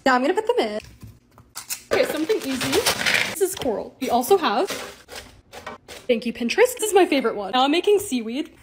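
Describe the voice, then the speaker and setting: A woman's voice: sits high, very animated, brisk, long pauses, background noise. A young woman narrating her lifestyle vlog in a casual, bubbly, gushing way. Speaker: lifestyle vlogger.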